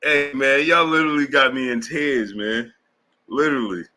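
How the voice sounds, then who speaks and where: A man hosting a boxing livestream, reading chat messages aloud in a casual style, laughing hard with drawn-out exclamations and playful voices for the lines he quotes. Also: medium pitch, sharp tone.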